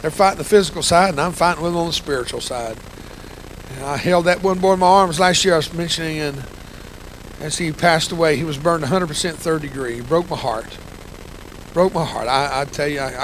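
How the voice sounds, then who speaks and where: An older man with a drawl tells war stories from the pulpit, his voice sitting a little high for a man. He is folksy and self-deprecating, switching into quoted dialogue, with a faint hiss of noise behind him. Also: a bit bright, rough recording. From United States. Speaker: guest speaker, veteran. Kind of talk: storytelling sermon talk.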